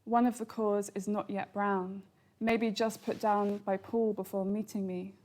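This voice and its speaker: A woman reads her own literary fiction aloud at a bookshop launch. Her delivery is calm and measured, with a notably flat, steady pitch that rarely rises or falls. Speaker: author reading her novel. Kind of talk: literary reading. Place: bookshop event.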